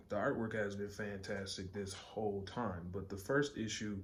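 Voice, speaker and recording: A man with a lowish voice talks through a comic review in a loose, rambling way. He keeps looping back with "you know what I'm saying" and gets excited as he goes. A faint hum sits behind him in a room at home. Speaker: comic book reviewer and author. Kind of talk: casual vlog review. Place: home room with lighting and a poster.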